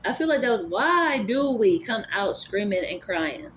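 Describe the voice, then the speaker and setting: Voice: mid-range voice, sing-song, measured pace, hardly any pauses, a bit bright, a little hiss or hum. A spiritual vlogger thinking aloud in a casual, rambling monologue, full of fillers and restarts. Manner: rambling, musing, with repeated fillers; energy and spirituality talk.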